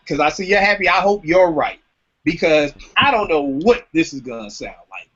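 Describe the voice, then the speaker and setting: A man hosting a casual podcast chat, talking with animated, slangy emphasis. His voice sits fairly high for a man. The recording sounds dull and lo-fi. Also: moderate pace. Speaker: podcast host.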